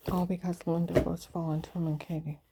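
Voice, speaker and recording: A woman's voice: on the low side, little pitch movement, brisk, creaky, very noisy. A woman giving a rambling personal account in an aggrieved, insistent way.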